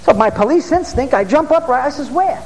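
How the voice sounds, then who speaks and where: Excitable high-voiced New preacher man. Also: a little fast, big-room sound, slight background noise, rough recording. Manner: excitable, bursts into shouts, asks the crowd for amens. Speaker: preacher, former police officer. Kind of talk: storytelling sermon.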